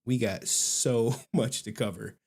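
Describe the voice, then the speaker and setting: A man's voice: mid-range voice, slow, a little mellow, husky. A man hosting a live stream in casual commentary, slangy and laughing, with repeated asides.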